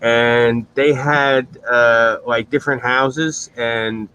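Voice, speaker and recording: A man's voice: medium pitch, fairly even intonation, slow pace, bright, forceful tone, a little hiss or hum, low-quality recording. A man in casual chat, telling blunt, profane stories on a stream.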